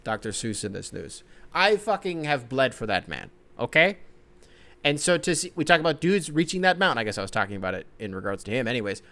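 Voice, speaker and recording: Profane, excitable young man ranting. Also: on the high side, quick pace. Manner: profane, excitable, swings between shouting and mumbling. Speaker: podcast host. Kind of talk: ranting sports commentary.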